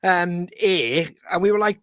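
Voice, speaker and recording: A man's voice: high-pitched, measured pace, a bit bright, clear, resonant tone, no echo. A man co-hosting a podcast, reminiscing with laughter. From Wales. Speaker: podcast co-host. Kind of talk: casual chat.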